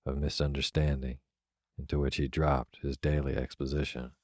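A man reading a classic novel aloud as a soft, unhurried bedtime story. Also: rumbling low, no echo, studio quality. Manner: soft, even, unhurried delivery. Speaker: narrator. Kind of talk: slow, soothing sleep-story reading.

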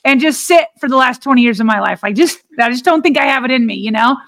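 A woman with a notably high voice talks sports on a podcast. She speaks earnestly and wanders, doubling back on her own words as she goes. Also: lively intonation, fast, fairly bright tone. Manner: earnest, rambling with many restarts. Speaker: podcast co-host. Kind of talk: casual sports chat.

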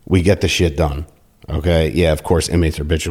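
A deep-voiced middle-aged man recounting his days as a prison officer in a casual interview. He talks bluntly, swears constantly and acts out the arguments he had with other officers. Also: a little fast, husky. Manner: blunt, heavy swearing, animated retelling with quoted dialogue.

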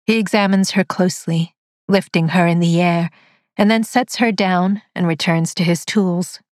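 A woman narrating a dark science-fiction story in a slow, measured, dramatic reading. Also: lowish voice, fairly even intonation, no echo, clean studio sound. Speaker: audiobook narrator.

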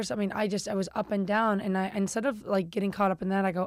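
A woman's voice: mid-range voice, little pitch movement, brisk, hardly any pauses, darkish tone, no room sound, studio quality. A middle-aged woman from Chicago, a guest chatting candidly and acting out quotes, with casual swearing. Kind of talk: candid conversational storytelling.

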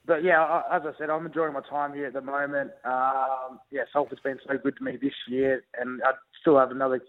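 A man's voice: mid-range voice, a little fast. A young man, a rugby league player, chatting casually as a radio guest, rambling with plenty of fillers and restarts. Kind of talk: casual radio interview over the phone. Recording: tinny phone line.

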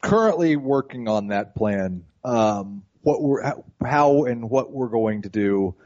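An eager, fast-talking man joins a podcast as its regular guest, his voice pitched in the middle range. The remote audio sounds dull and lo-fi. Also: lively intonation, a little mellow. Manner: enthusiastic, quick, talkative. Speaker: guest fantasy football analyst. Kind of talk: casual podcast chat. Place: hotel.

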